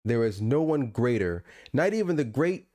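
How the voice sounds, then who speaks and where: A man's voice: mid-range voice, moderate pace. A man co-hosting a podcast in casual chat, telling stories and ranting playfully, often repeating himself. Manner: animated storyteller, repeats and restarts, playful rants. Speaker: podcast co-host.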